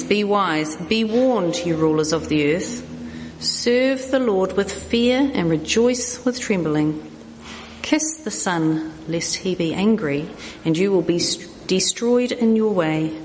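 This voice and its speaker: A woman's voice: fairly low pitch, slow, a little mellow. A woman reading a psalm aloud during a church service, careful and plain, now and then tripping over a word. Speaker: scripture reader. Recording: echoey hall with faint noise.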